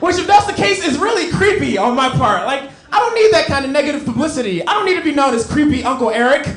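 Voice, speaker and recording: High-voiced young comedian on stage. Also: male voice, fast. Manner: animated, breaks into emphatic shouts. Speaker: stand-up comedian. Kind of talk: stand-up comedy set. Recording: echoey club with crowd laughter.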